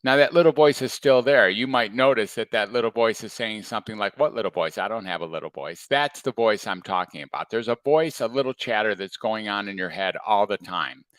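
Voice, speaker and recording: Calm guy coaching on a livestream, lots of rhetorical questions, dry sound. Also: lowish voice, a little fast, hardly any pauses, smooth, no room sound. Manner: calm, reflective, asks many rhetorical questions. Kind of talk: motivational talk to viewers. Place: home or office, livestream.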